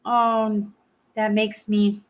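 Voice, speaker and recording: A woman's voice: mid-range voice, completely flat delivery, drawn-out words. A woman in her sixties from Canada, hosting a casual livestream and chatting with viewers in a rambling way, often adding "right?" to what she says. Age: 60s. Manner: chatty, rambling, tags "right?" after most sentences. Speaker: livestream host. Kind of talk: casual chat with live viewers.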